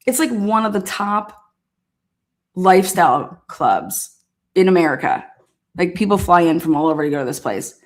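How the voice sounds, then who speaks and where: Woman, lower register, casual foul-mouthed storyteller, lively and amused. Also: moderate pace. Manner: profane, animated, laughing while telling a story. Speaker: storyteller recounting past events. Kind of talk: casual anecdote.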